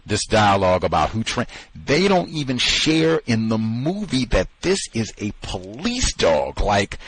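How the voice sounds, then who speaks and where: A man hosting a study session, talking through a book with musing asides that build into animated emphasis. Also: fairly low pitch, slow, breathy edge, no echo, low-quality recording. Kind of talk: book discussion talk.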